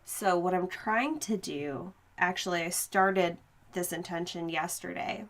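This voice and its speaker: A woman co-hosting a podcast, chatting in a rambling, relaxed way and often saying "like". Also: on the low side, unhurried. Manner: rambling, relaxed, frequent "like" and quoted self-talk. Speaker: podcast co-host. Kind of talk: casual chat.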